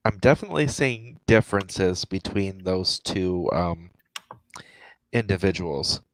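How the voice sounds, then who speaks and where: Guy on a writing stream, bit low voice, joking around, dry sound. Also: measured pace, dry recording, rough recording. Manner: jokey storyteller, laughs while telling. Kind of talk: casual chat.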